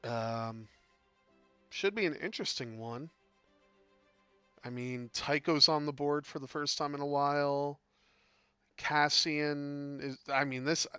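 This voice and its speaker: A tired man commentating a tabletop game on his own stream. He talks slowly in a mid-pitched voice, rambling and filling gaps with ums, while faint music plays underneath. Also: clear, resonant tone, dry recording. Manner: relaxed, rambling, with many fillers and yawns.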